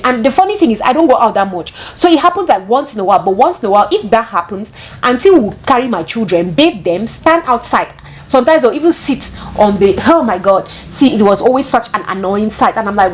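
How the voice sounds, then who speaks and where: A woman, telling a story to her viewers in a casual, animated way and often calling them guys. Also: medium pitch, brisk, a little hiss or hum. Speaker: vlogger.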